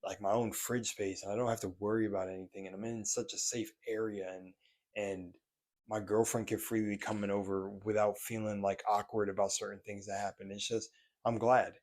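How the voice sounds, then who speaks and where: A man's voice: lowish voice, level tone, brisk, a little mellow. A young man with a slight lisp, talking candidly in a casual vlog from a room in his apartment, earnest, with some swearing and many restarts. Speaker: spiritual vlogger.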